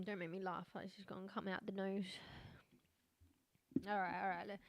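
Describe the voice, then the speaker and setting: A woman's voice: medium pitch, normal speed, creaky, no room sound. A woman streaming a horror game, chatting casually with lots of swearing, laughing as she talks. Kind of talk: casual live-stream commentary.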